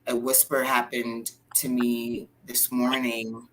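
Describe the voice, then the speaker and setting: A woman's voice: extremely low pitch, little pitch movement, slow, slight background noise, rough recording. A woman on a talk show panel telling a short personal story in a reflective, heartfelt chat.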